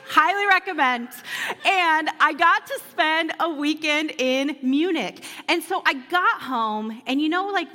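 Lively woman preaching, bright voice. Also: medium pitch, big-room sound. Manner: animated storyteller, laughs often. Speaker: pastor. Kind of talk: sermon with personal story.

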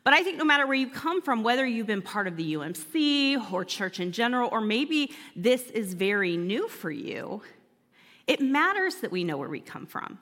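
A woman pastor telling a personal story in an animated, humorous sermon, laughing as she goes. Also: on the high side, moderate pace, long reverb tail.

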